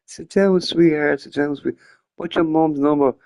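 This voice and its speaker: A man's voice: on the high side, fairly even intonation, moderate pace, gravelly, a little mellow, voice pushed up. A man doing a sweet young woman. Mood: soothing. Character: kind young woman soothing a child.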